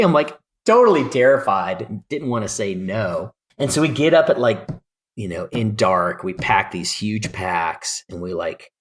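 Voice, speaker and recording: Low-voiced man in his fifties, animated podcast storyteller from California. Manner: animated storyteller, acts out quoted dialogue. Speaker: guest climber. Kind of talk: storytelling interview.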